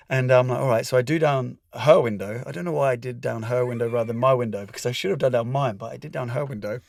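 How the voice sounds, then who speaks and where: A man's voice: medium pitch, fast, vocal fry, few pauses, no room sound. A man co-hosting a parenting podcast, telling a story in casual chat and laughing at his own mishaps. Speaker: podcast co-host.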